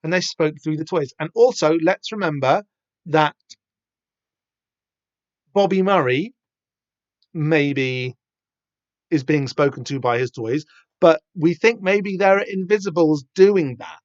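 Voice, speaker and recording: A man's voice: fairly high pitch, takes it slowly, long pauses, no echo. A man hosting a podcast, talking through a comic in a rambling, casual way with lots of fillers and restarts. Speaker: podcast host. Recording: dull lo-fi sound.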